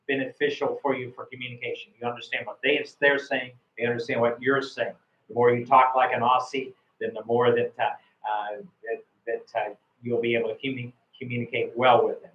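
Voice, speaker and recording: A man's voice: mid-range voice, fairly bright tone. A man coaching a student after a speaking test, praising his answers and often repeating words and restarting sentences. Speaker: IELTS speaking examiner and coach. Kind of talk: spoken test feedback. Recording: roomy, dull lo-fi sound.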